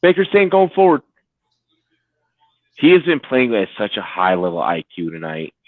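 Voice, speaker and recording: A man from D.C. co-hosting a live football watch-along, excitable and swearing. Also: normal speed, no room sound. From Washington, D.C. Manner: excitable, swearing, bursts into high yelps. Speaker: podcast co-host. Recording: dry, phone-like line.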